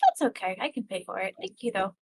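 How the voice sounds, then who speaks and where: A woman's voice: mid-range voice, very animated, fast, darkish tone, breathy edge. A woman playing a tabletop game, chatty and hesitant. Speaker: player.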